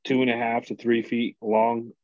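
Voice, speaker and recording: A man in his thirties, a podcast guest, telling a story in a casual, profane and animated way. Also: mid-range voice, moderate pace, dry recording, highs cut off. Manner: animated, profane, acts out quoted voices.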